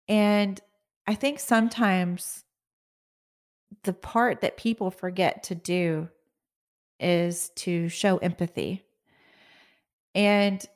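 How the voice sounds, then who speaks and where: A woman's voice: medium pitch, a little mellow. A middle-aged woman hosting her own podcast, talking in a casual, earnest way and often checking in with "right?". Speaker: podcast host. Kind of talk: casual motivational talk.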